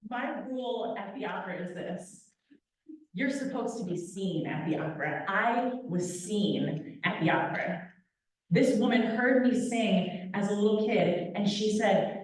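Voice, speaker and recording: A young adult woman, an opera company vice president, giving a lively, playful talk to an audience with a handheld microphone. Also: mid-range voice, a little slow. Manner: animated, playful and direct with the crowd. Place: large echoey hall. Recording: very echoey hall, picked up from a distance.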